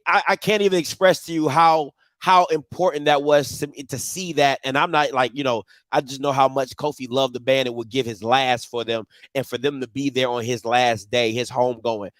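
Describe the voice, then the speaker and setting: A man, hosting a live show and telling a story in casual chat, animated and swinging from loud outbursts to low murmurs. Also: no room sound. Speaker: podcast host.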